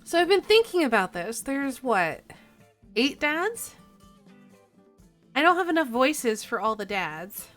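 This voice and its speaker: A woman's voice: sits high, very animated, a little slow, long pauses, fairly bright tone, faint music behind. Giggly woman streaming a game. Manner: giggly, chatty, playful. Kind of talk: let's play commentary and reading.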